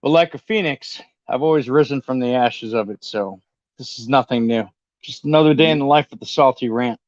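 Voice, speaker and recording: Here a man from California, appearing as a livestream guest, talks fairly quickly at a medium pitch, sounding defiant and on the defensive. His casual speech is plain with some cursing, captured in dull, dry, lo-fi stream audio without echo.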